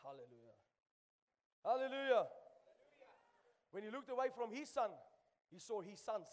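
A man preaching with a strikingly high voice, pressing each point and calling his listeners to answer back. His words ring out through a large hall with a long, trailing reverb. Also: very animated, moderate pace. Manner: emphatic, call-and-response, repeats lines for the crowd. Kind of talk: sermon.

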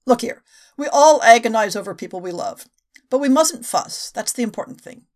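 A woman's voice: fairly high pitch, animated, normal speed, natural voice. A brusque country doctor, as a woman reads him. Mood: impatient. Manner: blunt, impatient, reassuring. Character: brusque middle-aged male country doctor.

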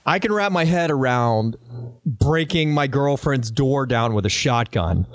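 A man's voice: mid-range voice, animated, unhurried, no echo, studio quality. A man co-hosting a podcast, arguing his point in a casual, wisecracking way. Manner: argumentative, wisecracking. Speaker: podcast co-host. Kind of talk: casual chat.

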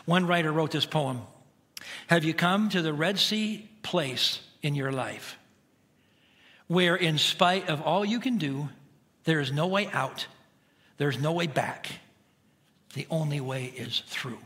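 A middle-aged male pastor preaching a conversational sermon to a church, dropping to a hush and then rising to shouts. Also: fairly high pitch, takes it slowly, long pauses. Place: church sanctuary.

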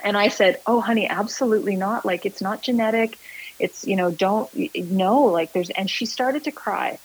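A woman founder talking as a guest in a casual interview, earnest and animated, with many fillers and restarts. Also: medium pitch, normal speed, husky, low-quality recording. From Canada.

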